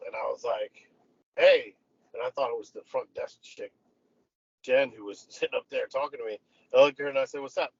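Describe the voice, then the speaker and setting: A man's voice: medium pitch, fairly even intonation, a little fast, slightly rough, no echo, dull audio. Profane, laughing man telling a story. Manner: loose and profane, laughs between lines. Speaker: guest. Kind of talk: casual storytelling chat.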